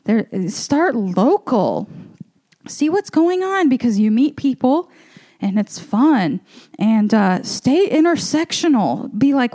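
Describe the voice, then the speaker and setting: A woman's voice: a little high, sing-song, slow, mellow. A woman, a comedian, talking in a loose, rambling way with lots of fillers and the odd swear word, a little out of breath as she walks around her apartment. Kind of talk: casual spoken monologue.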